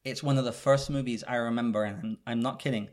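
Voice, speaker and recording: A man's voice: medium pitch, steady tone, fast. A man in casual chat who quotes movie lines, laughs often and acts out the quotes.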